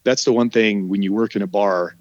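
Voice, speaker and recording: A man's voice: lowish voice, a little fast, no room sound, muffled recording. A middle-aged man from Oklahoma, an actor guesting on a podcast, telling loose, profane stories and acting out the people in them. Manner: animated storyteller, acts out quoted voices, loose and profane. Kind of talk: casual storytelling chat.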